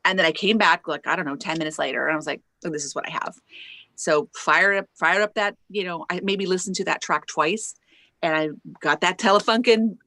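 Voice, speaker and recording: A woman's voice: lowish voice, a little fast, no echo. A woman singer and songwriter, a guest in an online interview, telling stories animatedly and acting out what people said, on a lapel mic. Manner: animated, acts out quotes with laughs. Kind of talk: casual storytelling in an online interview.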